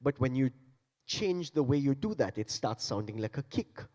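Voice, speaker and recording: A man's voice: mid-range voice, lively intonation, moderate pace, dark tone, a little hiss or hum. A man giving a playful stage talk on beatboxing, coaxing the audience to join in. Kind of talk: interactive stage talk and demonstration. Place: large conference hall. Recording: long hall reverb.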